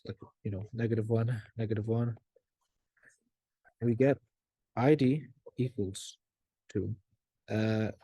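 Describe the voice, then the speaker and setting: A man's voice: medium pitch, warm tone, no echo. A young man tutoring as he works through a circuit problem, thinking aloud with frequent fillers and self-corrections.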